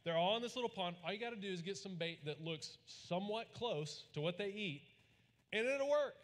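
Folksy pastor in a reverberant hall. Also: male voice, sits high, fairly quick. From Texas. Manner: folksy, storytelling, calls on the congregation to repeat after him. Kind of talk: sermon. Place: large church hall.

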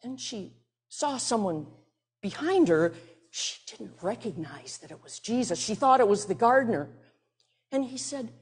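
A woman pastor tells a Bible story slowly and expressively during a sermon, now and then dropping to a hushed near-whisper. Her voice is slightly high, with a soft, breathy, husky texture. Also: sing-song.

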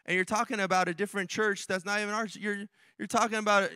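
Guy pastor preaching in church, kinda high bright voice, repeats stuff for emphasis. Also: a little fast, hardly any pauses, clear, resonant tone, no room sound. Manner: emphatic, repeats key phrases, direct to congregation. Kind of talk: sermon. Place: church sanctuary.

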